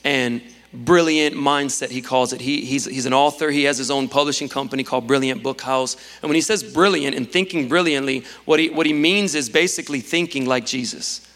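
A man's voice: medium pitch, fairly quick, fairly bright tone. A man preaching an earnest sermon in a church hall, often restarting and repeating his words.

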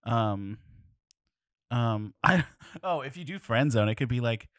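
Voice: mid-range voice, animated, unhurried, no room sound, studio quality. A comedy news co-host joking crudely and mocking themself in casual banter.

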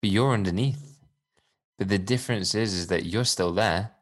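A man's voice: fairly low pitch, normal speed. A man co-hosting a faith podcast, talking in a reflective, preachy way with many restarts. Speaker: podcast co-host.

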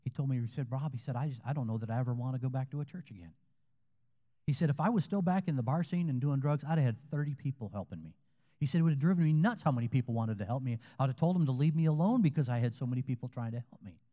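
A man's voice: mid-range voice, quick pace, dark tone, big-room sound, lo-fi sound. A man preaching a sermon as a pastor, in a conversational way, telling stories and quoting other people. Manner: conversational preaching, storytelling with quoted voices.

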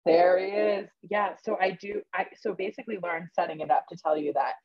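A woman's voice: fairly low pitch, brisk, dry recording, lo-fi sound. A woman co-hosting a podcast in casual chat, mostly reacting with short supportive interjections. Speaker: podcast co-host.

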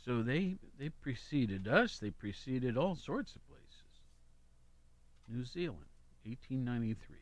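A man's voice: mid-range voice, very animated, unhurried. A man hosting a casual radio show, reading weather and history notes with chatty asides. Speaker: radio host.

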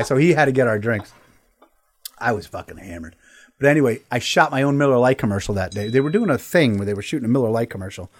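Animated, profane New storyteller man. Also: medium pitch, fast. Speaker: podcast host. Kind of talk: casual storytelling chat.

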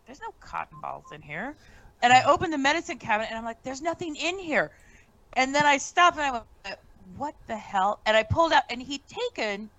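A woman comedian telling a story on a casual podcast. She is animated and profane, and she acts out the quotes in her story. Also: sits high, lo-fi sound. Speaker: comedian guest.

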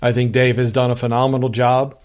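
A man's voice: mid-range voice, level tone, brisk, darkish tone. A man co-hosting a casual sports podcast, giving firm opinions in a conversational way. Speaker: podcast co-host.

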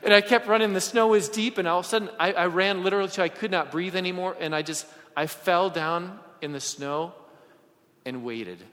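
A male pastor preaches in a large church hall, his fairly high voice trailing off in long reverb. He tells stories with animated delivery, pushing some phrases out loudly and dropping others to a hush. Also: a little fast. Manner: animated storyteller, swings from loud emphasis to hushed asides. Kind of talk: sermon with personal stories.

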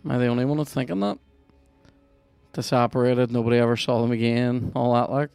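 A man with a Northern Irish accent, hosting a podcast and commenting on a video game in a sweary, excitable, jokey way. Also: mid-range voice, fairly quick, vocal fry, clear, resonant tone, no echo, soft background music. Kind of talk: casual gameplay commentary.

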